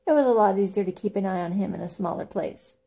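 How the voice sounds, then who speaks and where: A woman's voice: medium pitch, fast, gravelly, dark tone. A woman reading a children's book aloud in a casual way, with small slips. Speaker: reader.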